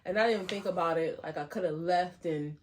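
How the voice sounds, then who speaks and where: A woman's voice: fairly low pitch, fast, a little hiss or hum. A woman co-hosting a podcast in casual chat, upbeat and chatty with frequent fillers. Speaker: podcast co-host.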